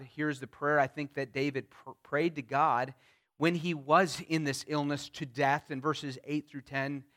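High-voiced man preaching slowly. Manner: impassioned preaching that swells loud on key phrases and drops soft after; paraphrases scripture in the first person. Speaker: pastor. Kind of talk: sermon.

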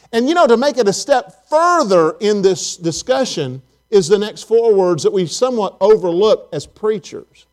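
In a church auditorium, a high-pitched man delivers an emphatic sermon, repeating phrases and putting questions to the congregation.

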